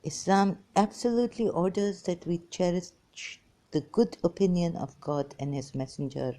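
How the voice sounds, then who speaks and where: A woman hosting a religious commentary channel delivers a rambling, emphatic monologue in non-native English, reading scripture passages aloud. Her lowish, dark-toned voice moves at normal speed and is repetitive, swinging between muttering and loud exclaiming.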